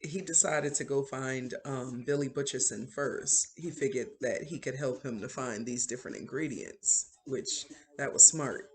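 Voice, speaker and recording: A man's voice: mid-range voice, measured pace, hardly any pauses. A man casually retelling a film plot, rambling with frequent fillers and restarts. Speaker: channel host.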